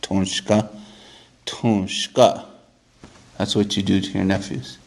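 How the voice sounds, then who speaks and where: A man teaching a casual vocabulary lesson to a camera, repeating each word several times for practice and making relaxed, joking asides. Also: sits low, slow pace, creaky, pauses often. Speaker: language teacher.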